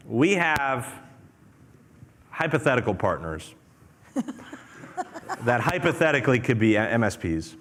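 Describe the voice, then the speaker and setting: An energetic man gives a conference talk to an audience, with a conversational delivery that keeps repeating its key lines. His voice sits at a medium pitch and carries a long reverb from a large hall. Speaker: company presenter.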